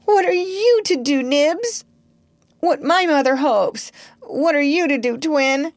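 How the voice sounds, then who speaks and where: A woman's voice: high voice, lively intonation, slow, dry recording, clean studio sound, pitched above the performer's own voice, heavily acted. A woman voicing earnest, defiant young boys in a storybook reading. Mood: eager.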